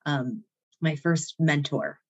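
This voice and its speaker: On a lo-fi podcast recording, a female author working on a self-care book talks slowly in a low-pitched voice. The conversation is enthusiastic, and she's effusive and motivational, with frequent laughter.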